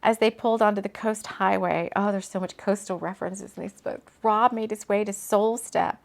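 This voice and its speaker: A woman, an author, reading her own book aloud in a relaxed way, breaking off for casual asides. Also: mid-range voice, moderate pace, gravelly. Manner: chatty, laughs at her own slips and comments mid-reading.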